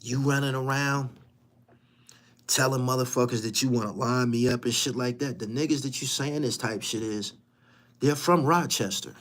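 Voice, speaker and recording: A man hosting a podcast in a heated, profane rant, mocking his target and repeating lines for emphasis. He jumps from loud, high outbursts to low, muttered asides. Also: moderate pace. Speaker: podcast host.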